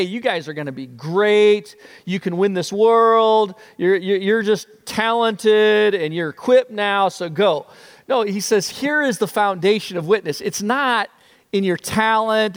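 A male preacher delivering a sermon, emphatic and building through repeated phrases. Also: high-pitched. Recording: long reverb.

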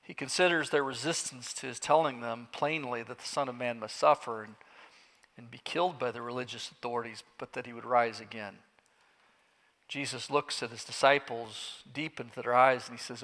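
Brief: a male preacher narrating emphatically, bright-toned, with a long hall echo. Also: mid-range voice, steady tone, normal speed. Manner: vivid, swelling, emphatic. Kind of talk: dramatic sermon storytelling. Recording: echoey hall.

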